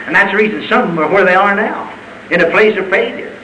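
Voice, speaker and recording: A man preaching a sermon with an old-fashioned preaching cadence, swinging between loud, high exclamations and low, quiet asides. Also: expressive, a little fast, a little hiss or hum, low-quality recording.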